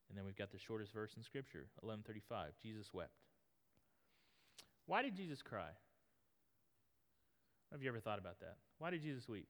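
A man's voice: lowish voice, animated, brisk, pauses often, a bit bright. A man in his thirties preaching a sermon, reading scripture and talking in an earnest, conversational way. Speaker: pastor. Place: church sanctuary. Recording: long hall reverb.

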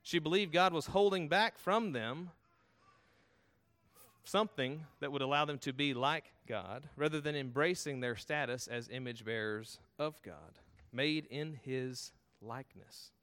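A man's voice: on the high side, unhurried, a bit bright. A middle-aged man preaching an expository sermon, emphatic, with rhetorical questions and shifting pace.

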